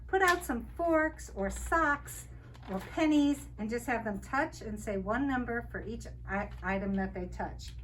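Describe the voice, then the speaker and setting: A woman's voice: on the high side, lively intonation, unhurried. An older woman, a kindergarten teacher, giving a friendly step-by-step talk to parents and counting aloud as she explains. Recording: distant mic with faint noise.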